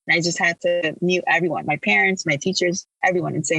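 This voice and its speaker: A woman from Illinois recounts her path as a podcast guest, candid and emphatic in her storytelling. Her voice is bright and edged with gravelly fry, and the sound is dry and close. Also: on the low side, steady tone, fast talker, few pauses, dry recording, rough recording. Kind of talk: personal storytelling in an interview.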